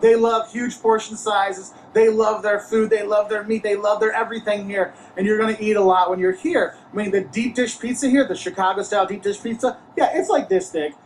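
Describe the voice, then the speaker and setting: A man co-hosting a casual travel chat, giving measured, explanatory tips. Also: high voice, steady tone, a little hiss or hum, poor audio. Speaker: co-host.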